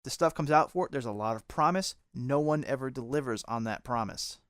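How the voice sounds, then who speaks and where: A man speaking as a podcast guest, relaxed and agreeable, stumbling over words now and then. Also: mid-range voice, a little fast, no echo, clean studio sound. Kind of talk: casual podcast discussion.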